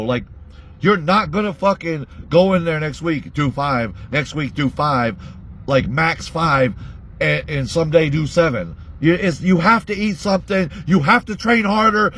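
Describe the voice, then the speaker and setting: A man's voice: fairly high pitch, a bit bright, husky. A man ranting bluntly to his audience in a heated monologue, swearing constantly. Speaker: vlogger.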